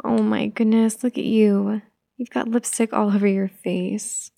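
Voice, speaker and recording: A woman playing a gentle, patient young mother who softly coaxes her toddler, in a whispered role-play. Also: medium pitch, little pitch movement, a little slow, creaky, no echo. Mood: soothing. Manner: soft, coaxing, motherly.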